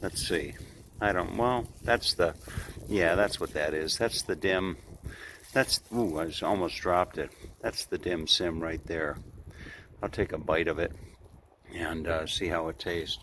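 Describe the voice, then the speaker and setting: A man's voice: deep voice, a little slow. An American man, middle-aged, rambling in a folksy vlog as he films himself outside a takeaway shop at night on a phone camera. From United States. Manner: rambling, folksy, restarts phrases often. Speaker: travel vlogger. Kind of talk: casual walk-and-talk vlog. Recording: outdoor street noise behind. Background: traffic and street ambience.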